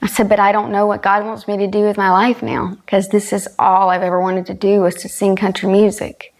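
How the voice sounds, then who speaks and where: A woman's voice: medium pitch, level tone, a little fast. A woman from South Carolina with a Southern US accent, earnestly telling a personal story as a guest and retelling dialogue. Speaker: guest, country singer.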